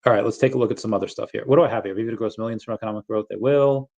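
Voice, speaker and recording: A man hosting a casual crypto livestream, rambling in a relaxed way with many fillers and bouts of hiccups. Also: fairly low pitch, rapid-fire, vocal fry, lo-fi sound. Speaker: crypto channel host.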